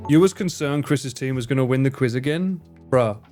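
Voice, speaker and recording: A man's voice: moderate pace, darkish tone, faint music behind. Young man streamer chatting casually. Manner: swears freely, acts out friends' lines in higher voices. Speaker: live streamer. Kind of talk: casual chat answering viewers.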